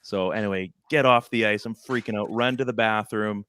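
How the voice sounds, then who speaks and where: Talking a little fast in a smooth, lowish voice, a podcast co-host chats casually on a close studio microphone. His animated anecdote wanders along, and he laughs at his own expense as he goes.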